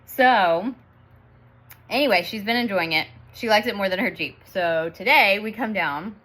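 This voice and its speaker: A woman's voice: mid-range voice, moderate pace, a bit bright. A woman in her thirties telling a family story in a chatty vlog, laughing often as she talks. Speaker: vlogger and mother.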